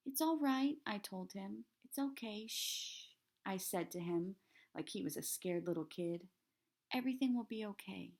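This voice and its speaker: A woman reading aloud, voicing a stubborn ten-year-old girl who pleads and insists in a raised, higher voice. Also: lively intonation, moderate pace, vocal fry, a little mellow. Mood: soothing.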